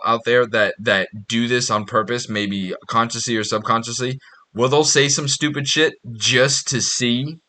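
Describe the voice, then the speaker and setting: A man's voice: mid-range voice, sharp tone. A man hosting his own podcast, talking in a blunt, profane, rambling monologue with frequent restarts. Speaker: podcast host. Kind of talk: casual monologue.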